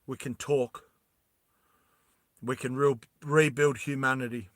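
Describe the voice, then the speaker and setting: A man's voice: mid-range voice, steady tone, slow pace, fairly bright tone, dry recording, voice pushed down. A man voicing news anchors proclaiming victory in a declaiming tone. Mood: triumphant. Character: triumphant news anchors announcing freedom.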